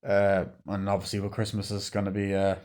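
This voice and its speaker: Rambling, swearing young man, fairly low voice. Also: completely flat delivery, brisk, darkish tone. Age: 20s. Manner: rambling, swears often, goes off on tangents. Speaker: movie vlogger. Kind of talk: casual rambling monologue. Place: at home late at night. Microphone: phone camera.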